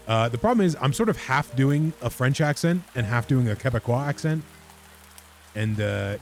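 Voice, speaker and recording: A man's voice: medium pitch, animated, moderate pace, soft background music. A man giving casual, rambling let's-play commentary, often laughing at himself. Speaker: game streamer.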